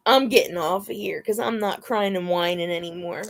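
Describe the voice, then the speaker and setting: A woman's voice: on the low side, normal speed. A woman hosting a casual live chat, chatting to viewers and cooing to her dog between laughs. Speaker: live stream host.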